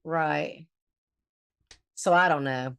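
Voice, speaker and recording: A woman's voice: low-pitched, extremely slow, gravelly, fairly bright tone, clean tone. A middle-aged woman hosting a casual commentary chat, blunt and profane, trash-talking the people she discusses. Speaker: host.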